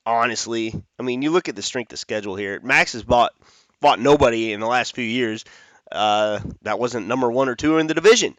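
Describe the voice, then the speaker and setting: A man's voice: mid-range voice, a bit bright, dry recording. A man hosting a fight-picks show, talking casually and rambling, correcting himself as he goes. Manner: chatty, rambling with restarts and self-corrections. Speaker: MMA fight picks host. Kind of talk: casual fight prediction talk.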